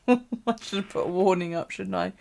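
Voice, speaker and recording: A woman's voice: on the low side, vocal fry, a little mellow. A woman hosting a late-night livestream, chatting casually, laughing often and swearing freely as she rambles. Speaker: bullet-journal livestream host. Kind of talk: casual live-stream chat.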